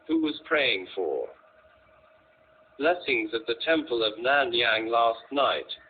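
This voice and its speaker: A man reads a novel aloud in scripted narration, slow and measured. The sound is thin and phone-like, with a faint hiss beneath it. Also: medium pitch. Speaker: audiobook narrator. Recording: tinny, lo-fi, faint noise.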